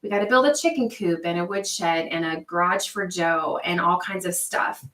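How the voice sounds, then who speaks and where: Chatty lady hosting a livestream, bright voice, roomy and a bit far from the mic. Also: fairly low pitch, moderate pace. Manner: chatty, answering viewer comments by name. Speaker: livestream host. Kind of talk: casual livestream chat. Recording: echoey room, voice a bit off-mic.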